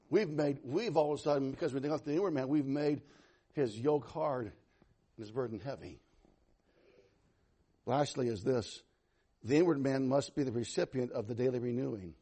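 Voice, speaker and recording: A pastor with a mid-range, slightly rough voice preaches a sermon in an animated, conversational style. He swings from loud to soft and mixes in some self-deprecating humor.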